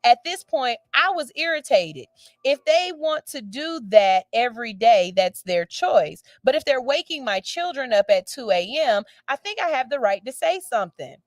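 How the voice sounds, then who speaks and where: A woman's voice: on the high side, sing-song, normal speed, no room sound. A woman radio host reads out a listener's letter and gives a blunt, sassy, profane verdict with theatrical outbursts.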